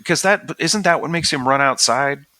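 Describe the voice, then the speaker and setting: A man hosting a podcast in casual chat, animated and swearing freely as he retells scenes. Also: a little high, moderate pace, no echo. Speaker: podcast host.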